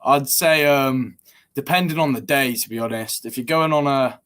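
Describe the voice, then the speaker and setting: A man's voice: medium pitch, normal speed, a bit bright, clear, resonant tone. Young man, English accent, rambling casual answers, interview guest. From England. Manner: chatty, rambling with restarts. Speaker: motorcycle racer guest.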